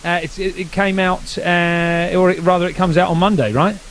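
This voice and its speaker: A man's voice: high-pitched, fairly even intonation, normal speed, a little hiss or hum. A man presenting a radio interview, teasing his guests with cheeky banter.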